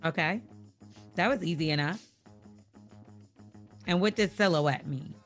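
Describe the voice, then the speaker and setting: A woman's voice: on the low side, unhurried, faint music behind. A woman hosting a podcast in casual banter, teasing her co-host as she runs the segment.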